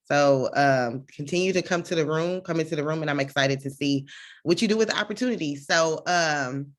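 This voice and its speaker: A woman's voice: low-pitched, brisk. A woman hosting a group video call, chatty and loose, with a casual style and many "um"s. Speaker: call host.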